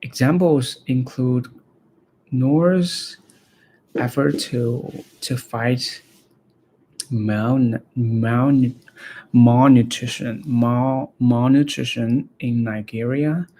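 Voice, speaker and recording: Slow, gravelly man practicing reading aloud. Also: mid-range voice, a little mellow, slight background noise, low-quality recording. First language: Chinese. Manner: halting, repeats words and phrases to practice them. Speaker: language learner reading aloud.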